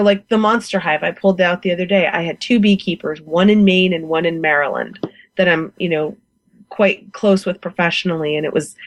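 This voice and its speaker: Woman, forties, from the US, enthusiastic, fillers and laughs, lowish pitch, dry sound. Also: dry recording, rough recording. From United States. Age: 40s. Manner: enthusiastic, laughs often, chatty with many fillers. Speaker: guest beekeeper. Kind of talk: casual interview chat.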